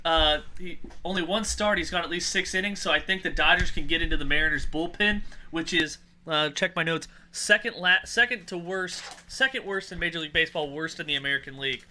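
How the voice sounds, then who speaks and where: Man, podcast host, very bright tone, slightly high voice, quick casual betting talk. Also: slight background noise. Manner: quick, runs the segment order. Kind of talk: casual sports betting chat.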